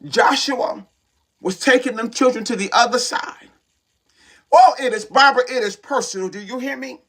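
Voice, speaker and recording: A man delivers a sermon in a high-pitched voice. His tone is bright and forceful. He presses his points with fervent, repeated call-outs to the congregation. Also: moderate pace. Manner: fervent, repetitive exhortations with call-outs to listeners. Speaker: preacher.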